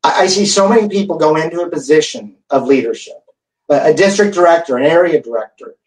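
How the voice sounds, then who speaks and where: A man giving a keynote speech as an animated storyteller who acts out the dialogue in his stories. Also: fairly high pitch, quick pace. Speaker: keynote speaker. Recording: echoey hall, voice from far off.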